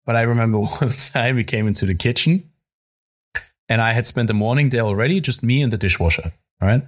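A man's voice: medium pitch, fairly quick. A man, a chef and podcast co-host, telling a story in casual chat, often laughing and swearing casually.

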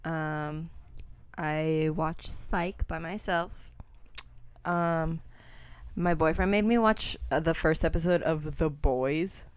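A young woman co-hosting a podcast, giggly and expressive in casual chat. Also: low voice, slow, clear, resonant tone, no echo. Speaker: podcast co-host.

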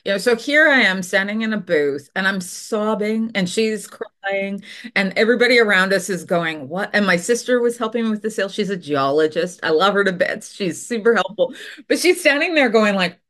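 A woman's voice: medium pitch, moderate pace. A woman from Canada, a potter, telling stories in a casual interview and acting out the voices of people she quotes. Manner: animated storyteller, acts out quoted voices.

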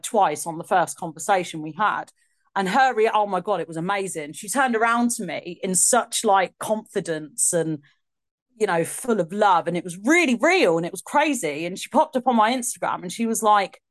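A young woman singer, telling stories in a casual interview, chatty and excitable with acted asides. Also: mid-range voice, normal speed, dry recording. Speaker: singer and guest.

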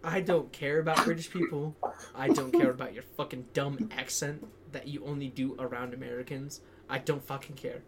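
A man's voice: mid-range voice, fairly even intonation, normal speed, a crowd in the background. A young man hosting a podcast, chatting crudely and ranting with lots of swearing. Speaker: podcast host. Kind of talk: casual chat.

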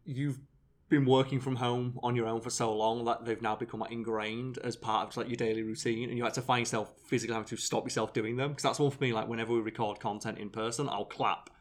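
Animated, sarcastic male podcaster. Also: mid-range voice, fast talker. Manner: animated, sarcastic, rambling with many fillers. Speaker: podcast co-host. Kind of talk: casual chat.

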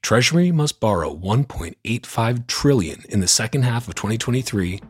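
A man's voice: mid-range voice, lively intonation, moderate pace, breathy edge, soft background music. A man hosting a news roundup podcast, reading from a script in a blunt, sarcastic, opinionated way. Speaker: podcast host.

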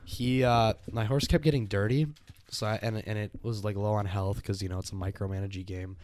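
A man's voice: lowish voice, steady tone, a little fast, a little mellow. A man co-hosting a casual podcast, telling rambling stories and laughing often. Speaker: podcast co-host. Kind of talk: casual chat.

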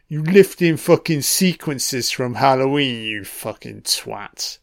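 A man's voice: on the high side, measured pace, hardly any pauses. A man giving casual audio commentary on a film, with profane, sardonic running reactions.

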